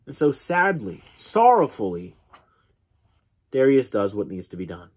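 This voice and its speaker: Man, Bible class teacher, slightly high and husky voice, earnest and repetitive delivery. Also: sing-song, normal speed, darkish tone. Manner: earnest, repeats words when restarting, dramatic drops in pitch. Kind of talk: church Bible class lesson.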